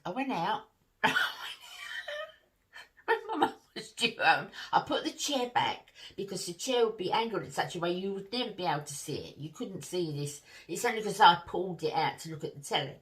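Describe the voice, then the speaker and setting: Animated woman telling a story. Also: lowish voice. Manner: animated, laughs through her story, warm asides to viewers. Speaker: beauty vlogger. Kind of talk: chatty storytelling to camera.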